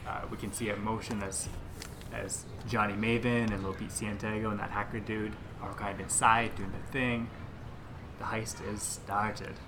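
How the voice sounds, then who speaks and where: Male player setting the scene, low voice, casual and quick. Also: little pitch movement, background noise. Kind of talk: improvised game narration.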